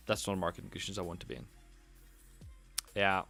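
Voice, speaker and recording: A man's voice: low voice, moderate pace, long pauses, fairly bright tone, faint music behind. Tired man calling chart trades. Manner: tired, apologetic, repetitive buy-sell calls. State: worn out. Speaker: trading educator. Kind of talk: casual live-stream chart commentary.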